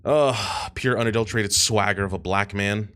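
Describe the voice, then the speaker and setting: A young man chatting on a casual livestream, swearing freely and bantering in an animated way. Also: lowish voice, moderate pace, a little hiss or hum. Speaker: streamer.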